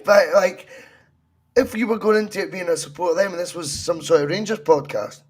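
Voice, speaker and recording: A man's voice: high-pitched, brisk, breathy edge. A Scottish man co-hosting a football podcast, talking casually, swearing and laughing as he argues. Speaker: podcast co-host.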